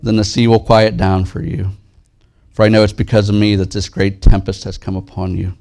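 Male pastor, low gravelly voice, earnest sermon delivery with a lifted scripture reading. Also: flat delivery. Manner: earnest, rises and grows louder when reading scripture; drops soft and slow in prayer.

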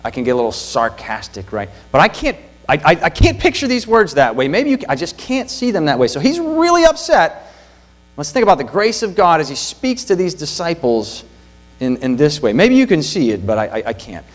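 Pastor, man, middle-aged; animated, earnest sermon delivery, slight hum on the recording. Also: a little high, normal speed, low-quality recording. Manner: earnest, emphatic preaching with rhetorical questions.

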